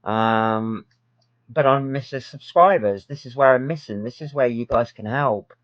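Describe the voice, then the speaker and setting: A man's voice: medium pitch, unhurried, dry recording. Give me a frank man vlogging to camera, rambling with lots of ums, in a dull, dry recording. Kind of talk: candid personal vlog.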